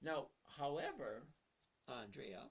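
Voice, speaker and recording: A man's voice: mid-range voice, wildly swooping pitch, takes it slowly, breathy edge. A man in his sixties hosting a casual livestream, reading viewer questions and answering them bluntly and chattily. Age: 60s. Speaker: host.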